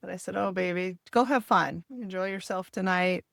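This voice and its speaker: A woman's voice: lowish voice, moderate pace, creaky, fairly bright tone, no echo, studio quality. A middle-aged woman, recounting a family crisis candidly and with feeling, quoting what people said. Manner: emotional, candid retelling with quoted dialogue. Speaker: podcast host telling her story. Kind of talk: personal storytelling in a podcast interview.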